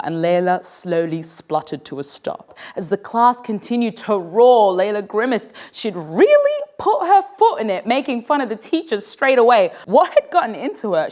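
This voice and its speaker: A woman author reading her own children's story aloud in a playful, expressive way. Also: mid-range voice.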